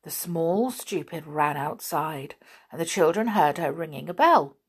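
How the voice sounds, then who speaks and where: A woman narrating a children's storybook in a gentle, even storytelling manner. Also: low voice, a little slow, breathy edge.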